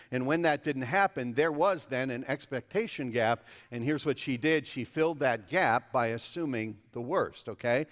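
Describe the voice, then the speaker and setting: A man pastor preaching a conversational, humorous sermon, his voice jumping higher for emphasis, heard in a church sanctuary. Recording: echoey church hall.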